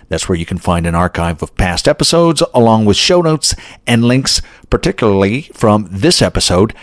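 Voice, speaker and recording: A man's voice: fairly low pitch, dry recording. A middle-aged man with a light Texas accent hosting a solo marketing podcast in a folksy, chatty way. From North Dakota. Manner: folksy, chatty, self-deprecating. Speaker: podcast host.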